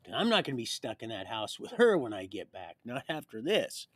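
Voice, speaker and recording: A man rambling through a personal life story on a livestream, jumping between loud bursts and quiet mutters. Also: mid-range voice, big pitch swings, a little fast, dry recording. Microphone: streaming mic.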